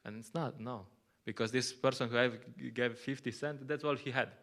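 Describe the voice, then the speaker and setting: A man's voice: mid-range voice, steady tone, normal speed, a bit bright. A man with Slovenian as his first language giving a conversational scripture class in English, often laughing and acting out little quotes. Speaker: lecturer at a temple.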